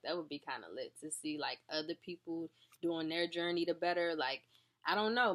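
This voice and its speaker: A woman's voice: on the low side, a bit bright. A young woman talking earnestly and casually to her viewers in a video diary, sounding tired and sleepy. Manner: chatty, earnest, addresses viewers as y'all. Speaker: vlogger.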